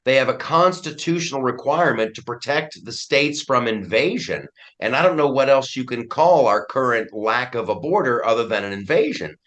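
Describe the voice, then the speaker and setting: A middle-aged man talks as a guest in a relaxed interview, his delivery emphatic and full of restarts. His voice sits at an ordinary pitch for a man. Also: normal speed, hardly any pauses, highs cut off. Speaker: guest comedian and commentator. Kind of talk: casual interview chat.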